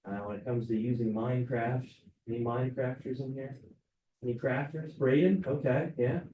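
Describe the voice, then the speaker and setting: A man's voice: medium pitch, steady tone, moderate pace, phone-quality sound. A male teacher giving a casual classroom lecture, often checking in with "right?". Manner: casual, keeps asking "right?". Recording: roomy classroom, mic far off.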